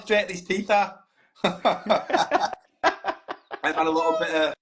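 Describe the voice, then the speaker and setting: A man's voice: high-pitched, steady tone, takes it slowly, a bit bright, a little hiss or hum, poor audio. A man, a band's frontman, talking candidly and swearing freely as a guest in a casual podcast interview. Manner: chatty, candid storytelling, swears freely, says "mate" a lot.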